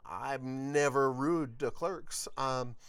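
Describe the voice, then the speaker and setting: A man's voice: medium pitch, takes it slowly, fairly bright tone, clean tone, no room sound. A man hosting his own podcast, telling a long road-trip story in a rambling, casual, profane way. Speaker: podcast host.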